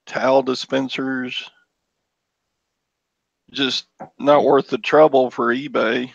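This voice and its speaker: Man guest with a heavy gravelly rasp, slow and unhurried; dull call sound. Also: medium pitch, level tone, no echo. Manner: unhurried, trailing off. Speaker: reseller guest. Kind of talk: casual chat.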